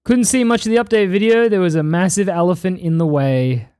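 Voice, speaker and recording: An Australian man runs a live stream, reading chat messages aloud and answering them in a loose, blunt way. His voice sits slightly high for a man yet sounds dark and mellow. He swears casually as he talks. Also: brisk, clean tone.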